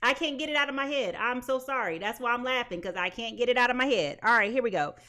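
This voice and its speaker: A woman's voice: on the high side, fast, bright, forceful tone. A woman giving a live tarot reading in a chatty manner, repeating her phrases and laughing often. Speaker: tarot reader.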